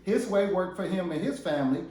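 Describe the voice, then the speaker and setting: A man co-hosting a casual ministry talk show, an animated storyteller who often repeats and restarts his words. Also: high voice, a little fast. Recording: echoey room, voice from far off.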